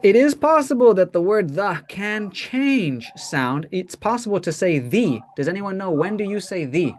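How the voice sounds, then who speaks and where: A teacher leading a classroom pronunciation lesson, modeling words slowly and checking in with "right?" often. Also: medium pitch, very animated, a little mellow.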